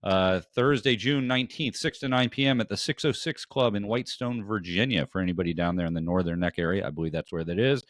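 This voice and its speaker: A man's voice: fairly low pitch, fast, few pauses, no room sound, studio quality. A man hosting a podcast, chatting casually and rambling through plugs and introductions. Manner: rambling with frequent fillers and restarts. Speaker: podcast host.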